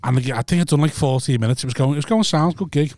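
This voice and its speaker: A man's voice: a little high, fast talker, a little mellow, no room sound, clean studio sound. A man, a stand-up comedian, teasing his co-host and telling rambling anecdotes in casual podcast chat.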